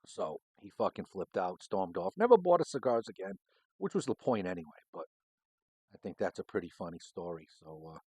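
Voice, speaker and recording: A man's voice: low voice, big pitch swings, normal speed, darkish tone, breathy edge, no echo, poor audio. A middle-aged man, a former homicide detective hosting a cigar show, telling a story in a casual, rambling and profane way.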